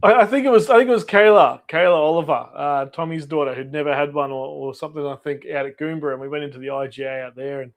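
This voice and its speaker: A man's voice: on the high side, fast talker, hardly any pauses. An Australian man hosting a casual chat, teasing and laughing with his guests. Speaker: host.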